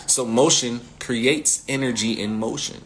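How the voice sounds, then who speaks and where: A man teaching sales techniques in an animated way, repeating key phrases and talking with slang. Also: mid-range voice, unhurried. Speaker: sales coach.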